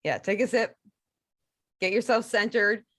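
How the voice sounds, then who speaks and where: A woman's voice: medium pitch, fairly even intonation, unhurried, a bit bright, dry recording, studio quality. A woman co-hosting a podcast over a video call, chatting in a playful, rambling way. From Cape Cod, Massachusetts. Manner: chatty, playful, self-interrupting. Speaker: podcast co-host. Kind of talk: casual podcast chat.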